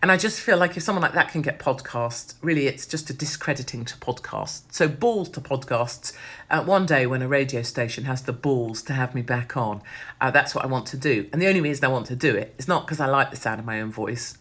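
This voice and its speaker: A middle-aged woman rants in a blunt, sardonic monologue, swearing freely. Her voice sits low for a woman. She speaks close to the mic. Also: a little fast, a bit bright. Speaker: host. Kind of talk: casual monologue.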